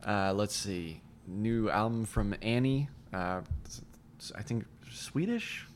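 A man with a fairly low voice co-hosts a casual podcast. He rambles easily, restarts his thoughts and laughs often. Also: expressive, slow pace, slight background noise. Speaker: podcast co-host. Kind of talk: casual chat.

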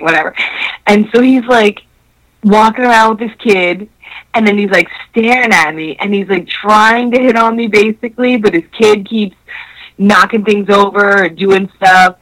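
A young woman telling a story in casual chat, animated and swearing, acting out the voices in her quotes. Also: mid-range voice, rough recording.

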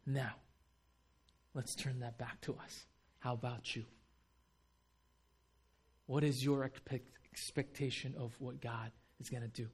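A man preaching a sermon, animated and dramatic, acting out people's reactions with sudden louder bursts. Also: mid-range voice, a little slow, long pauses, breathy edge. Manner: animated, acts out voices with sudden loud outbursts. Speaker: pastor.

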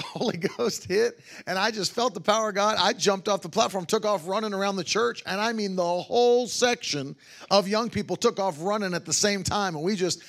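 High-voiced fervent revival preacher. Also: male voice, a bit bright. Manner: fervent, exclaims hallelujah, quotes others in his own voice. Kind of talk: testimony-driven sermon storytelling.

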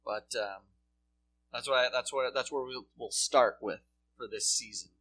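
A man's voice: unhurried, pushed and bright. A man co-hosting a podcast, swearing a lot and jumping into exaggerated voices to act out his jokes. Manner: profane, jumps into high put-on voices for bits. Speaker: podcast co-host. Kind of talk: casual comedic banter.

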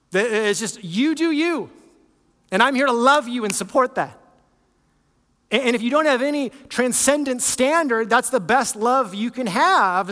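A man's voice: extremely high pitch, sharp tone, long reverb tail. A man, a lead pastor, preaching a sermon in an earnest, conversational way, often restarting his sentences.

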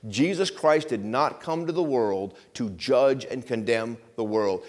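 A man from the United States delivers a sermon at a mid-range pitch. He builds to loud, rising emphasis, then drops to a hushed, earnest plea. He reads scripture in a slow, measured cadence. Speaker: pastor.

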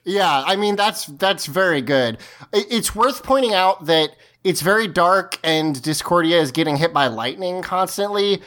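A man's voice: high voice, expressive, normal speed, a bit bright. A man co-hosting a podcast, recapping a TV episode in casual chat, rambling with fillers and frequent laughs. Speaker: podcast co-host.

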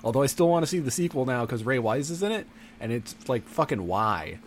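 A man's voice: mid-range voice, animated, quick pace, a little mellow, a little hiss or hum. A man co-hosting a casual podcast, sardonic and swearing casually. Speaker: podcast co-host. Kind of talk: casual chat.

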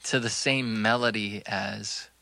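A man's voice: lowish voice, fairly even intonation, takes it slowly, vocal fry, sharp tone, no room sound. A man, a guest musician, chatting casually between songs in a basement, loose and thoughtful, laughing often.

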